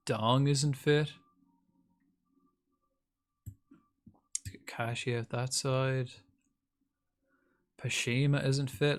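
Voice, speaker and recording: His voice is mid-range, steady, and fairly bright, and he talks slowly with long pauses while gaming on a live stream. The man rambles casually to viewers and speaks to people in chat by name.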